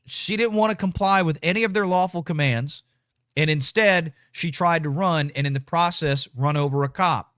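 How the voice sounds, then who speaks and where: A man's voice: fairly high pitch, normal speed, a bit bright, no room sound, studio quality. A man hosts a casual political commentary livestream, blunt and ranting as he reads viewer comments. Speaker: show host reading super chats.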